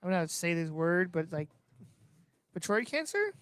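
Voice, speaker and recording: A man's voice: on the high side, flat delivery, clear, resonant tone. A man co-hosting a podcast, chatting casually and poking fun at himself. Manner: quick, chatty, self-deprecating. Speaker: podcast co-host. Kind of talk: casual chat.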